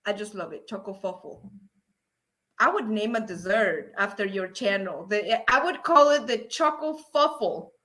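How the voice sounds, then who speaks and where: A woman hosting a casual livestream, excitable and laughing often as she chats with viewers. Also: medium pitch, moderate pace, few pauses. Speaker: livestream host. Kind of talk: casual livestream chat reading viewer comments.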